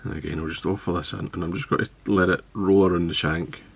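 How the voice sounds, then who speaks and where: A man giving a casual step-by-step fly tying demonstration, relaxed and thinking aloud as he works with his hands. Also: deep voice, fast talker, creaky, husky.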